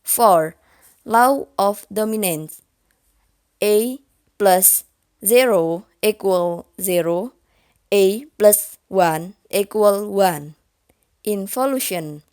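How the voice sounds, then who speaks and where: Young woman reading out math rules super slowly, pausing on every term. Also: mid-range voice, darkish tone, smooth. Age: young adult. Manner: reads formulas term by term with long pauses. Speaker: student presenter. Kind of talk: slow read-aloud lesson.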